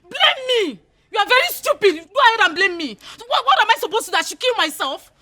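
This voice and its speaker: An actress with a Nigerian English accent playing a quarrelsome young village maiden. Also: female voice, very high-pitched, big pitch swings, quick pace, pushed and bright, full character voice. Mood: bitter. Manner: pleading then combative. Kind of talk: film acting.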